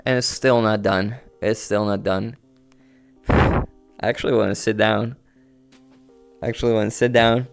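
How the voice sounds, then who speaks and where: A man's voice: on the low side, flat delivery, unhurried, gravelly, long pauses, smooth. A man livestreaming from home in VR, chatting casually with his viewers in an easygoing, rambling way. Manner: easygoing, rambling, talks to chat. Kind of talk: casual stream chat with viewers. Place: home streaming setup, playing in VR. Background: faint background music.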